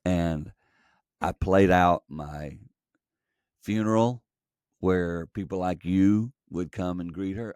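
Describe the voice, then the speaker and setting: Deep-voiced man telling a personal story. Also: a little slow, a little mellow, clear, resonant tone, no echo, studio quality. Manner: acts out quoted dialogue. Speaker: podcast guest. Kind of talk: conversational storytelling.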